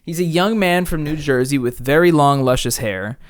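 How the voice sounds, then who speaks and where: A man from New York City co-hosting a podcast, telling gossip in a casual chat, animated and heavy on "like.". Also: on the high side, normal speed. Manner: animated storyteller, frequent "like" fillers. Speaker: podcast co-host.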